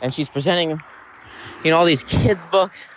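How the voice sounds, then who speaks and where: A man's voice: fairly high pitch, normal speed, slight background noise. A man hosting a podcast, retelling a story in a loose, rambling way with lots of fillers and "right?" tag questions. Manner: rambling, with many fillers and "right?" check-ins. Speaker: podcast host. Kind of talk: casual storytelling monologue.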